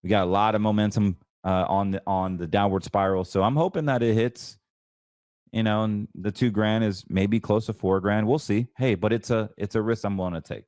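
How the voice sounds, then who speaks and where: Hosting a financial show, this man talks through trades at a moderate pace in a lowish, steady, darkish voice. His casual market commentary is chatty and emphatic, though he stumbles over words and corrects himself; the recording is dry and studio-clean.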